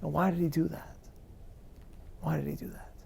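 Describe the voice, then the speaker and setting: A man, a rabbi answering questions at a live interview, speaking in an earnest, measured lecture style with emphatic stresses and frequent restarts. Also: on the high side, little pitch movement, vocal fry, mellow, husky.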